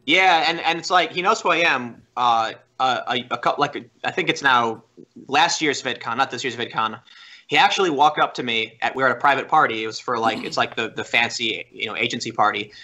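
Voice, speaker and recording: A man talking as a podcast guest, telling a story in animated, casual chat full of "like" and restarts. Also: medium pitch, fairly quick.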